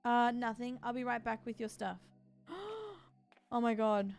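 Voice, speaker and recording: A woman streaming a game, chatting with her viewers and reading character lines aloud in a lively way. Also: a little high, a little slow, gravelly, smooth, faint music behind. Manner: animated, reads game dialogue aloud and greets chat. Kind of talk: casual game commentary.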